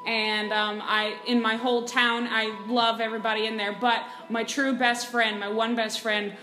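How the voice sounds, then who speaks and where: A young woman playing a tabletop game, talking haltingly with many fillers. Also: fairly high pitch, level tone, pushed and bright. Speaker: player. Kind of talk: casual in-character chat. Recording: echoey room with faint music.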